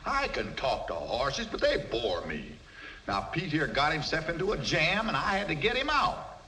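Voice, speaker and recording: A man voicing a gruff, impatient talking mule in a 1950s film comedy, with a sardonic, bossy manner. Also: a little high, huge pitch swings, moderate pace, bright, forceful tone, a little hiss or hum, exaggerated voice, poor audio.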